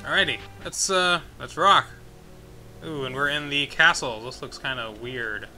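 A man narrating his playthrough of a role-playing game, joking and thinking out loud as he goes. His voice is slightly high and very bright and sharp, with quiet game music running behind it. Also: unhurried. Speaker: let's play host. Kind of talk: casual gameplay commentary.

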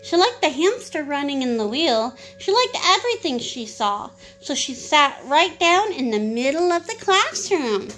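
A woman reading a picture book aloud to a young child, animated with chatty asides. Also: high voice, measured pace, hardly any pauses, slight background noise, rough recording. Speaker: storybook reader.

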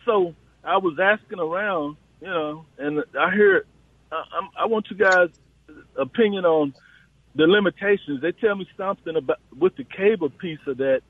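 A man's voice: sits high, normal speed, no room sound. A man calling in to a radio show, hesitantly asking about his home services. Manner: hesitant, searching for words. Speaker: caller. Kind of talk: phone-in question. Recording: tinny dry phone line.

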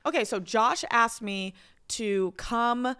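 A woman's voice: fairly high pitch, pushed and bright, clear, resonant tone. A woman co-hosting a podcast, telling a story in casual chat, swearing often and filling her talk with fillers. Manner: fast, chatty storytelling with frequent swearing and fillers. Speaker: podcast co-host.

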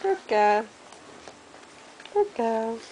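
A woman's voice: a little high, very animated, drawn-out words, a crowd in the background. A woman talking baby talk to puppies, sing-song, cooing and laughing, on a noisy home video. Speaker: pet owner.

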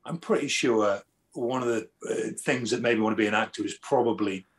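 A middle-aged man, an actor, chatting casually as an interview guest and telling stories lively, acting out the people he quotes. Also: on the low side, a little fast. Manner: animated storyteller, acts out quoted exchanges.

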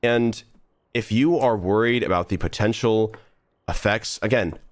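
A man's voice: fairly low pitch, measured pace, no echo. A young man streamer talking earnestly in a casual, rambling monologue full of restarts while he plays a game. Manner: rambling, earnest, many restarts and trailing asides.

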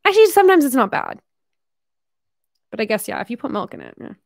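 A woman's voice: a little high, wildly swooping pitch, quick pace, vocal fry, no echo, clean studio sound. A young Canadian woman in her twenties vlogging casually, chatty and giggly as she reads fan mail aloud. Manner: chatty, giggly, swears casually, drifts into a mock Australian accent when reading. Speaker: YouTuber. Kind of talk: casual vlog, reading fan letters aloud.

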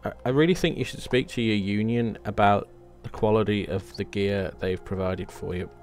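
A man's voice: on the low side, normal speed, soft background music. A man commenting jokingly as he plays a horror game, mocking the monsters and talking to them. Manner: joking, sarcastic, talks to the monsters. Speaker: gamer playing a horror game. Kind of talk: let's play commentary.

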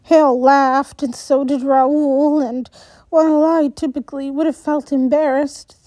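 A woman's voice: high voice, fairly even intonation, unhurried, mellow, no echo. A woman reading a first-person story aloud, with restarts and little asides. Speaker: story reader.

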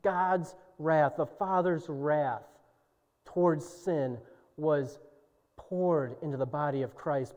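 A young man preaching a sermon, swinging from shouted climaxes to low, quiet passages. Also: slow pace. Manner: impassioned preaching, soaring to shouts and dropping low. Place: church sanctuary. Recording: dull recording with long church reverb.

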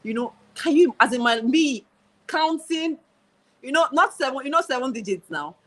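Bright-voiced woman telling her story with emphasis. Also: sits high, expressive, moderate pace, poor audio. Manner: emphatic, repeats phrases, frequent laughs. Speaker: guest. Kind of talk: casual interview conversation.

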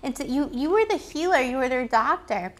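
A woman giving a casual tarot reading, playful and affectionate, calling the listener pet names, her voice slightly hoarse. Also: high-pitched, expressive, a little fast. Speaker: tarot reader.

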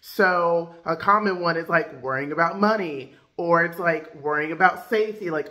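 A woman's voice: on the low side, moderate pace, few pauses, bright, forceful tone. A woman life coach giving casual, chatty advice with lots of fillers. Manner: loose, filler-heavy, chatty.

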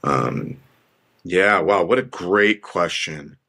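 A man's voice: low voice, expressive, slow, creaky, sharp tone. A man who is an actor, talking earnestly in an interview and repeating phrases like a pep talk to himself. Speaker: actor, podcast guest.

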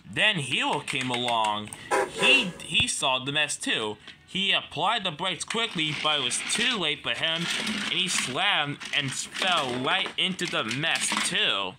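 A man narrating a homemade toy-train story in a rambling, halting way. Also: on the high side, very animated, very noisy.

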